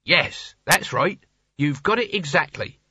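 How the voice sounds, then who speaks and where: A man's voice: fairly high pitch, sing-song, measured pace, sharp tone, slightly rough, no echo, muffled recording, exaggerated voice. A man voicing an earnest, timid young man who grows proudly stubborn. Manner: earnest, faltering, then proudly insistent.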